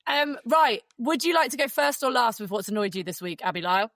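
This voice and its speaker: A woman hosting a podcast, chatting warmly and gushing over her guest. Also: on the high side, lively intonation, a little fast, no echo. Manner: effusive, gushing. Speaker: podcast host. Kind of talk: casual chat.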